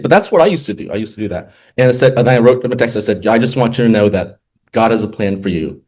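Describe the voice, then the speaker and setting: A man's voice: fairly low pitch, expressive, quick pace, darkish tone. A man, an attorney, telling a personal faith story to a group in a casual storytelling way, acting out the quoted dialogue and adding many asides. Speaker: attorney sharing a testimony. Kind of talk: personal testimony at a group meeting.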